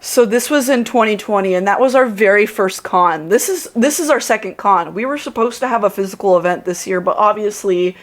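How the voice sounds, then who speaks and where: A woman's voice: mid-range voice, a little fast, few pauses. A woman hosting a livestream's closing remarks, thanking the team in a bubbly, effusive way. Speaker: convention staff host.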